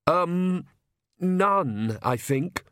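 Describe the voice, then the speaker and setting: A man's voice: high-pitched, lively intonation, drawn-out words, fairly bright tone, a little hiss or hum, voice pushed up, full character voice. A man doing a stammering nervous young priest. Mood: earnest. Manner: stammering, apologetic, hesitant.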